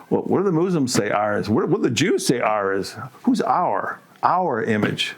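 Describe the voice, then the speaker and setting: A middle-aged man co-hosting a podcast, talking in a casual, animated way, firing off provocative rhetorical questions and calling his listeners folks. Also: mid-range voice, normal speed, hardly any pauses, husky. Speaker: podcast co-host. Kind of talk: casual opinionated monologue.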